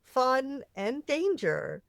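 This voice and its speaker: A woman's voice: high-pitched, big pitch swings, extremely slow, creaky, no room sound, studio quality. A woman co-hosting a podcast, playful and teasing in casual banter. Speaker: podcast co-host.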